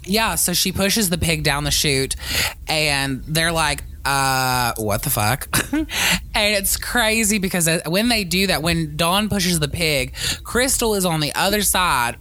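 Guy on a podcast, lots of ums and restarts, swears a lot, acts out the scenes, sharp bright tone. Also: fairly high pitch, measured pace. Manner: rambling, many fillers and restarts. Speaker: podcast co-host. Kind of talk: casual movie review chat.

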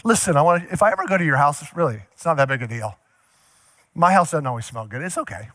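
A male pastor preaching a sermon, animated, acting out little scenes for the congregation. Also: fairly high pitch, fast, no echo.

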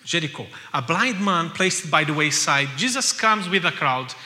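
Man preaching, fervent repeated phrases, very bright tense voice, echoing church hall. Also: a little high, lively intonation, moderate pace. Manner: impassioned, repetitive preaching that builds to loud cries. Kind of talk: sermon. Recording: long hall reverb.

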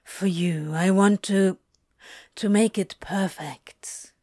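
Woman doing a wry demon guy, low and hushed, slow, dry close sound. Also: no room sound. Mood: tender, flustered. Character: wry male demon, tender under the bluster.

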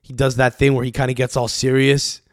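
A man's voice: medium pitch, little pitch movement, fairly quick, no echo. Give me a young man ranting profanely as a podcast host, dry and close.

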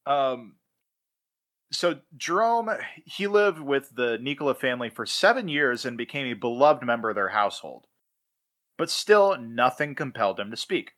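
A man hosting a podcast and telling a long story in a loose, rambling way. His voice is bright and forward, and he chuckles mid-sentence and leans on fillers. Medium pitch, casual chat. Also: very animated, moderate pace.

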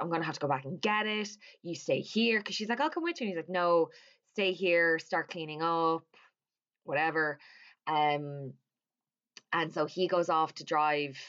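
A woman's voice: deep voice, a bit bright, highs cut off. Chatty woman recapping a film plot. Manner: chatty, swears freely, acts out characters' lines. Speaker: movie recapper.

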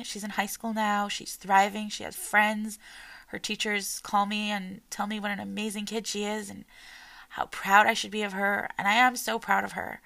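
A woman in her forties, a mother giving an earnest, heartfelt personal talk with a soft, emotional delivery. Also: mid-range voice, creaky. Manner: earnest and emotional, voice softening as she tears up. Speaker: parent sharing her story.

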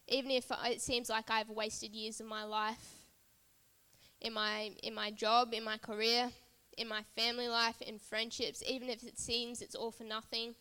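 A woman's voice: a little high, creaky, sharp tone, clear, resonant tone, in a large hall. A woman preaching a sermon at a church service, earnest and repetitive, building emphasis phrase by phrase.

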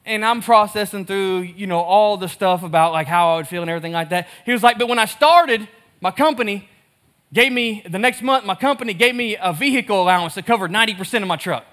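High, bright-voiced pastor preaching casually. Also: male voice. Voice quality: lively storytelling, acts out both sides of conversations. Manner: casual and conversational, laughs at himself. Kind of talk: sermon.

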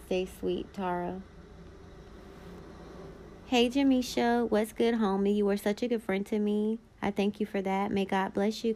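A woman's voice: medium pitch, mellow, a little hiss or hum, rough recording. A woman in her thirties hosting a podcast, reading old notes aloud in a casual way with short asides of her own. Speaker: podcast host.

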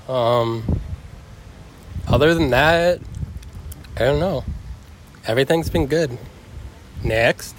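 A man's voice: medium pitch, slow pace, pauses often, slight background noise. A man co-hosting a podcast with a slight cough, talking in a laid-back, easygoing casual chat. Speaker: podcast co-host.

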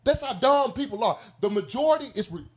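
A man telling stories in an animated, profane way, hosting a casual podcast chat. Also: very high-pitched, fast talker, breathy edge.

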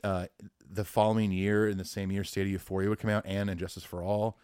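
A man co-hosting a casual podcast, sharing facts in a relaxed way with fillers and laughs. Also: deep voice, quick pace, smooth, no echo, clean studio sound. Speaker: podcast co-host. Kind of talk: casual chat.

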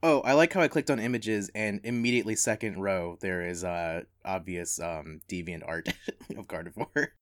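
A man's voice: sits low, moderate pace. A man co-hosting a podcast, reading aloud and commenting in a wry, amused way. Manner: wry, amused, laughs between lines. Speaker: podcast co-host. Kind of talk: casual chat and reading aloud.

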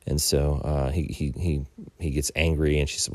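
Very deep-voiced man recapping a film. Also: level tone, no room sound, studio quality. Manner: halting, many fillers and restarts. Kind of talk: casual film plot retelling.

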